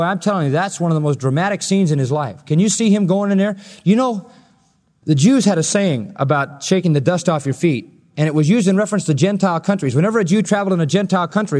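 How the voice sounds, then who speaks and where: A man's voice: sits high, big-room sound. A male pastor preaching an expository sermon, telling the story dramatically and acting out the quotes he reads.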